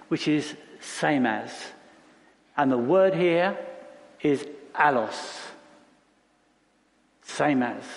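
A man preaching a sermon in a conversational way, asking rhetorical questions and repeating phrases for emphasis. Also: a little high. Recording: long reverb of a large hall.

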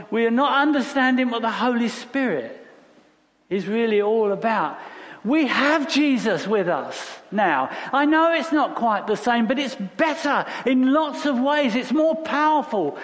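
Guy preaching a sermon, pretty high voice, long church echo, keeps repeating stuff to drive it home. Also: animated, measured pace, fairly bright tone. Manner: conversational, with rhetorical questions; repeats phrases for emphasis. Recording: long reverb of a large hall.

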